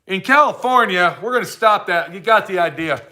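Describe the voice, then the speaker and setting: A man's voice: sits high, animated, fairly quick, sharp tone. A man delivering a heated, blunt ranting monologue to camera, repeating his points for emphasis. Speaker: vlogger.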